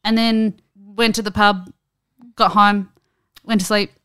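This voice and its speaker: A woman's voice: mid-range voice, level tone, a bit bright, smooth, dry recording, clean studio sound. A young woman in casual podcast chat, rambling through anecdotes full of "like". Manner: chatty, filler-heavy, quick retelling.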